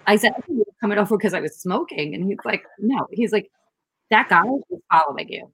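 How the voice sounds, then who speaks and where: A woman's voice: mid-range voice, fast, husky, no room sound, low-quality recording. A woman chatting casually, telling stories animatedly and acting out what people said. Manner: animated storytelling, acts out quotes. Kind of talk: casual chat.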